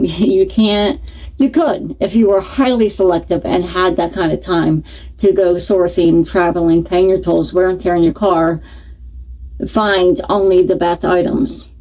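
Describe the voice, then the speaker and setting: A woman's voice: fairly low pitch, mellow, poor audio. A woman reseller vlogger chatting casually to camera, rambling and thinking aloud as she talks.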